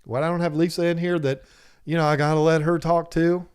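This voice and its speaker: Brief: a slightly higher-voiced man hosting a relaxed livestream, animated and laughing as he answers chat. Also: fairly quick, smooth. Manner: reads viewers' chat comments aloud and jokes with them; laughs often and talks animatedly. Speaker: livestream host of an aquarium channel.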